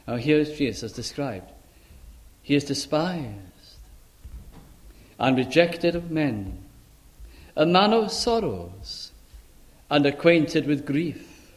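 A man preaching a sermon in a dramatic way, swinging between loud emphasis and hushed, quiet lines. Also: on the high side, big pitch swings, slow pace, long pauses.

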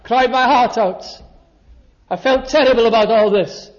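A man preaching a sermon with slow, emphatic phrasing, pausing for effect and reading scripture aloud. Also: very high voice. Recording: dull lo-fi recording.

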